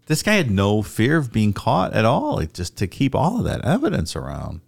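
A man's voice: fairly low pitch, wildly swooping pitch, moderate pace, creaky. A man co-hosting a podcast, trading dry, sarcastic one-liners in casual conversation. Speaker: podcast co-host. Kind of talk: casual banter.

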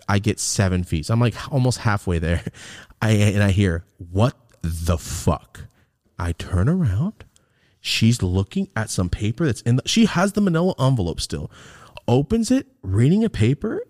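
A man's voice: fairly low pitch, no echo, studio quality. A young man hosting a podcast, telling a long story in casual, profane chat and acting out the voices of the people in it. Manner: animated, profane, acts out voices in his stories. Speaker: podcast host.

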